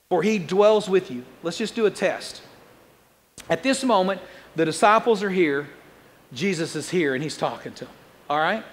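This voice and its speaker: Fast-talking pastor, high voice, hall echo. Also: male voice, fairly bright tone. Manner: fast-talking, jokey and conversational. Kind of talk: sermon.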